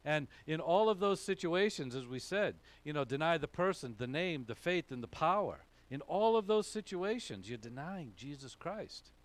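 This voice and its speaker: Preaching with a Boston accent, this New England pastor keeps things conversational and frequently checks in with "okay?". His voice is fairly high with lively intonation, and he speaks at a moderate pace with few pauses.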